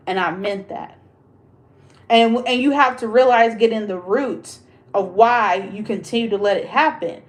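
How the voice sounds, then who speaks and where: A woman's voice: mid-range voice, unhurried. A woman hosting a casual livestream chat, ranting in a blunt, emphatic way and swearing freely. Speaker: livestream host.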